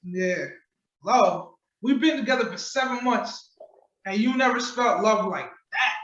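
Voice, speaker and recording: Male podcast host, high-pitched, slangy and animated, recorded distant in an echoey room over a video call. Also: unhurried, muffled recording. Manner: animated storytelling, acts out quotes, profane slang. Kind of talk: casual podcast commentary.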